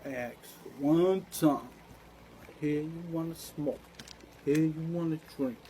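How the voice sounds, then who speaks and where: Man, monologue to camera, rambling free-flowing musing, higher-pitched but dark and mellow. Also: slow pace, a little hiss or hum, low-quality recording. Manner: rambling, loose stream-of-consciousness musings.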